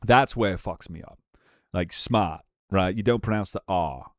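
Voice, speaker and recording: A young man with a deep voice streams live, talking fairly quickly as he reacts and chats casually with his chat, swearing freely and laughing often. The recording is dry with clean studio sound.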